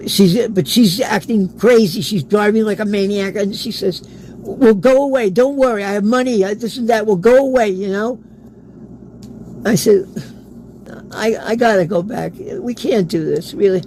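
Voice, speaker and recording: A man's voice: high-pitched, darkish tone, slight background noise, poor audio. A man, an interview guest, telling a personal story in a casual way and acting out the quoted dialogue. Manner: acts out quoted dialogue in his stories.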